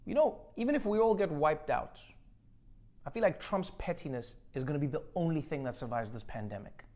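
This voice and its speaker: A man's voice: fairly high pitch, lively intonation, fairly quick, warm tone. A man hosting a comedic news monologue, delivering jokes with sarcasm. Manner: joking, sarcastic delivery with acted-out bits. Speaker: comedy host.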